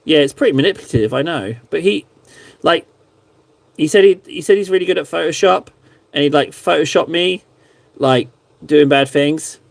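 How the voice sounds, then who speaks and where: A man with a slightly higher voice chats casually on a stream, rambling and poking fun at himself as he goes. He is recorded close on a desk mic, with a dry sound and no room echo. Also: moderate pace, creaky, pauses often. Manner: rambling, self-mocking, playful. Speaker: streamer reviewing viewers' miniature paintings. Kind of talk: casual live-stream chat.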